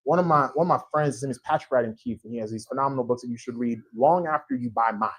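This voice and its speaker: An author, a man, holds a church audience with an animated, anecdote-filled account of his writing life. His voice sits at an ordinary middle pitch and keeps returning to quick asides asking the room to agree. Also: vocal fry, poor audio. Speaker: author discussing his book. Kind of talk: storytelling conversation before a live audience. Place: church event space.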